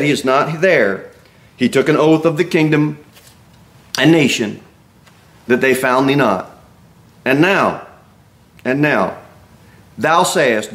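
A man preaching an expository sermon as a pastor, reading scripture aloud and acting out the Bible figures' words with emphatic exclamations. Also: fairly high pitch.

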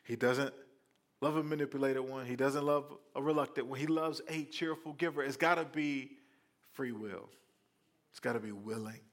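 A male pastor preaching a sermon in a conversational, animated way, with playful asides to the congregation. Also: medium pitch.

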